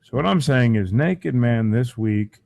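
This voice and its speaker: A man's voice: medium pitch, measured pace, creaky. A man hosting a crude comedy podcast, swearing and mocking the news, his voice strained. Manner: profane, mocking, animated. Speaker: podcast host.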